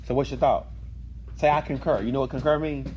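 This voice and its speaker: A man teaching an evening Bible study group, animated and repetitive, calling on people by name and prompting answers. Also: mid-range voice, a little fast, lo-fi sound, a little hiss or hum. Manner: animated, repeats phrases, calls on students.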